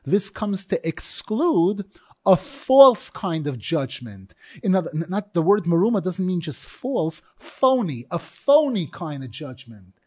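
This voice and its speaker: A man's voice: high voice, big pitch swings, a little slow, mellow, no echo. A man teaching a Torah class in an earnest, emphatic way, stressing key phrases by repeating them.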